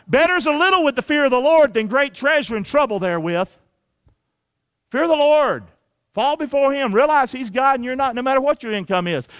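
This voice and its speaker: High-voiced preacher man, folksy and fired up. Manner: energetic preaching, calls for the congregation to repeat lines; colloquial, drops into folksy slang. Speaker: pastor. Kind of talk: sermon. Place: church sanctuary.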